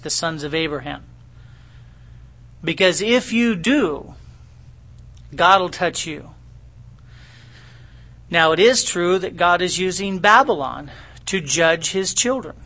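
A man's voice: on the high side, slow, pauses often, pushed and bright. A middle-aged man preaching a conversational sermon in a folksy way, often checking in with his listeners. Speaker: pastor.

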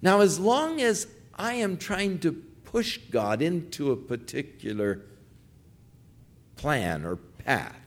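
A man's voice: fairly high pitch, big pitch swings, slow. An older man and grandfather preaching a sermon, telling stories and acting out pleading voices as he speaks. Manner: storytelling, acts out pleading voices.

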